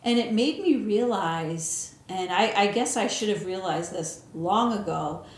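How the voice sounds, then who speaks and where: A woman's voice: mid-range voice, animated, a little slow. A woman from the United States who works at a library, hosting a casual interview and chatting with many fillers and restarts. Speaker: interview host, library staff. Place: library room. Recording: echoey room, faint noise.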